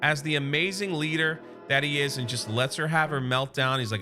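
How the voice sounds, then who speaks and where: Bright-voiced, chatty male comic reviewer. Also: fairly high pitch, a little fast, few pauses, faint music behind. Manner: enthusiastic, loose paraphrasing with lots of "like". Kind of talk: casual comic book recap.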